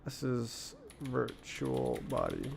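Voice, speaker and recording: A man's voice: medium pitch, wildly swooping pitch, slow, gravelly, slight background noise. A young British man live-coding on stream, thinking aloud in a casual, puzzled way and answering his chat between mutters to himself. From Britain.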